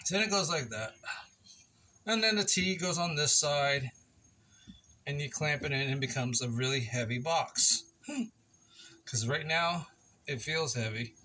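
A man's voice: a little high, a little slow, long pauses, pushed and bright, slight background noise. A man chatting casually to his viewers while building a wooden project at his kitchen table, playful and joking at himself. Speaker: woodworking vlogger.

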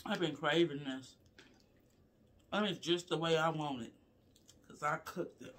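A woman's low voice, a little slow, comes through with a bit of hiss or hum as she eats a meal on a casual live vlog. She chats in a relaxed way with viewers she addresses as "y'all," savoring bites with frequent "mm" sounds and talking with her mouth full.

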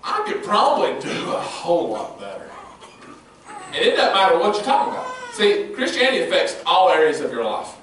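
High-pitched, animated preaching man, echoey. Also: brisk, noisy background. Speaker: pastor. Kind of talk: sermon. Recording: very echoey room, voice from far off.

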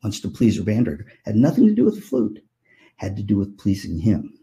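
A man's voice: fairly low pitch, huge pitch swings, brisk, warm tone. A man giving a conference keynote, telling stories playfully and acting out family members' voices. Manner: playful, jokes with audience. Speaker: keynote speaker.

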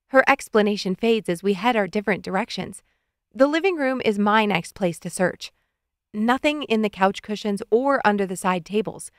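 A woman narrating a children's audiobook in an expressive first-person storytelling manner, close to the mic. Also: medium pitch, normal speed, no echo.

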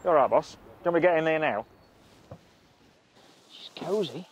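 A man's voice: on the high side, lively intonation, brisk, breathy edge. A middle-aged man, telling stories to camera in a blunt, casual way, swearing and laughing as he goes. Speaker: documentary presenter.

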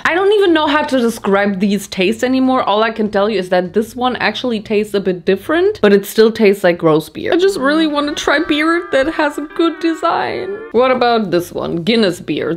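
A young woman from Germany doing a casual, playful taste-test vlog with dramatic reactions. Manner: dramatic, playful, quick jumps in pitch. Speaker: vlogger.

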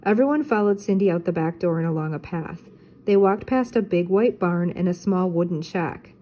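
An older woman, a teacher, reading a children's book aloud in a gentle, even storytelling manner. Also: on the low side, normal speed, poor audio.

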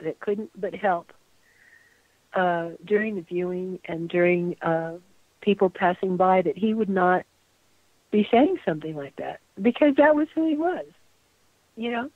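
An older woman is heard through a thin phone line with no room echo around her. She reminisces slowly and reflectively as an interview guest. She often repeats herself and lets her sentences trail off. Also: on the low side. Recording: dry tinny phone line.

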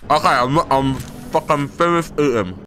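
A man streaming a game live, reacting loudly and excitably with lots of swearing. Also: mid-range voice, a little slow, faint music behind. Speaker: gaming streamer. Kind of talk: casual live-stream gameplay commentary.

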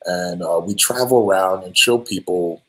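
A band singer answering fan questions on a live stream, friendly and relaxed, with many ums and restarts. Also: male voice, low-pitched, normal speed, poor audio. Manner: friendly, thanks each fan by name.

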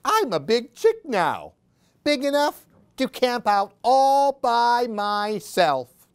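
A woman voicing a proud little boy chick from a storybook who panics and cries out in a squeaky, excited voice. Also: takes it slowly, clear, resonant tone, heavily acted.

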